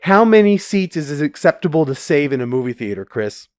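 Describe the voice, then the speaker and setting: A man co-hosting a podcast, telling animated, profane stories in casual chat. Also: on the high side, brisk, no echo, clean studio sound. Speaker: podcast co-host.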